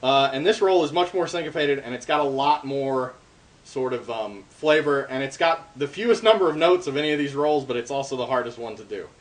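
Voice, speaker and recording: In a brisk, mid-range voice, a darbuka teacher offers relaxed instruction on hand-drum rolls, breaking it down step by step amid many ums and uhs. He plays the drum between phrases.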